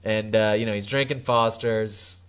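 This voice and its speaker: A man's voice: fairly low pitch, fairly even intonation, moderate pace, smooth. A man co-hosting a podcast, adding dry wisecracks in casual chat. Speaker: podcast co-host.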